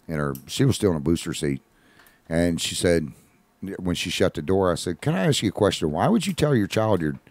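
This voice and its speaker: A radio host in a studio tells a story on his live show in a folksy, conversational style, acting out the quoted voices. His voice sits low with a darkish tone, and the recording is dry.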